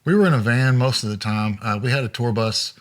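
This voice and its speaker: A man, a former road manager, telling road anecdotes in a relaxed interview with frequent chuckles. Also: mid-range voice, a little fast. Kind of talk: storytelling interview.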